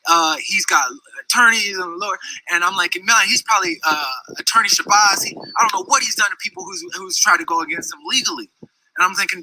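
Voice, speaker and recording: A man's voice: sits high, fast, pushed and bright, slight background noise, low-quality recording. A man telling a long personal story in a casual, heated, rambling way, full of restarts and asides. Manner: heated, rambling, many restarts and "you know what I'm saying". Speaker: storyteller recounting a dispute.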